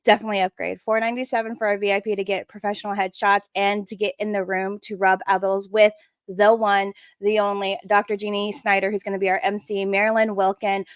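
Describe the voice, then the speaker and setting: A woman's voice: mid-range voice, little pitch movement, a little fast, clear, resonant tone, no room sound. A woman co-hosting a casual live stream, enthusiastically running through a lineup of speakers. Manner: enthusiastic, gushing. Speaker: co-host.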